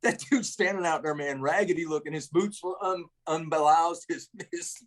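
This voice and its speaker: A middle-aged man, a retired army first sergeant, telling salty stories in a casual, animated way and tossing "man" into almost every sentence. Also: fairly high pitch, normal speed. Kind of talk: casual storytelling.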